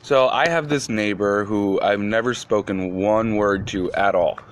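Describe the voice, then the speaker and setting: A man's voice: lowish voice, unhurried, slight background noise. A man telling a casual storytime about a neighbor, sincere and heartfelt. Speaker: storyteller recounting meeting a neighbor. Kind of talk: casual storytime to phone camera.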